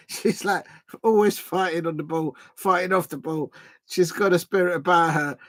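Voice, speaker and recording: A man with a slightly high, fairly bright voice hosts a live fan watch-along, speaking at a moderate pace with fairly even intonation and no room sound. His commentary is chatty and casual, with many fillers and restarts, and he reads out and thanks viewers as he talks with them.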